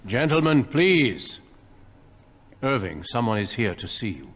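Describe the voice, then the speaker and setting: An actor playing a serious veteran warrior recruiter in a video game, speaking in an earnest, measured, solemn way. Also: male voice, medium pitch, sing-song, slightly rough, heavily acted. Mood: courteous.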